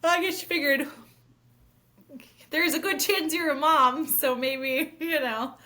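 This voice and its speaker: A woman's voice: high-pitched, measured pace, sharp tone. A woman co-hosting a podcast in casual chat. She talks frankly, swears casually and uses lots of fillers. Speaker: podcast co-host.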